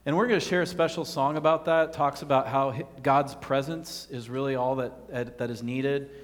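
A man's voice: mid-range voice, steady tone, moderate pace, in a large hall. A man preaching a sermon as pastor, earnest, putting rhetorical questions to his congregation.

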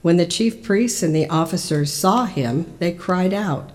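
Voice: mid-range voice, lively intonation, measured pace, darkish tone. Church lector reading Scripture.

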